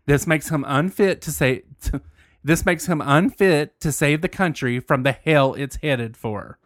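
A man's voice: on the high side, a little slow, no echo, clean studio sound, lightly acted. A man reading out an angry right-wing woman's post in a put-on country voice, crude and furious. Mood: angry rant.

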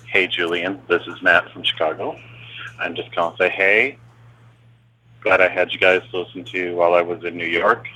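Male caller, very low and sharp voice, faint hiss on the line. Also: flat delivery, rough recording. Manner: quick, friendly, a bit exasperated.

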